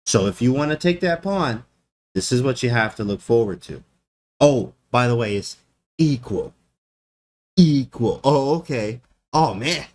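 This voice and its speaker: A man commenting on chess games live, joking and slangy, who often breaks into laughter. His voice sits in an ordinary middle pitch, and his delivery is lively and animated throughout. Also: unhurried, long pauses. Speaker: chess streamer.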